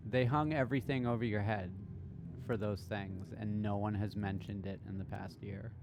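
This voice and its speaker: A man's voice: on the low side, steady tone, normal speed. Podcast guy with short dry comebacks, noisy room behind him. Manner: brief, dry interjections. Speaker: podcast co-host. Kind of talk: casual political chat.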